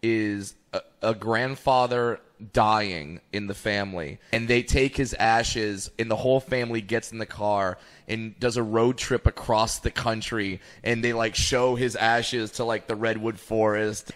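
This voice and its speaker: A man's voice: lowish voice, steady tone, a little slow, a bit bright. A man delivering an exasperated comedic rant. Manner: exasperated ranting.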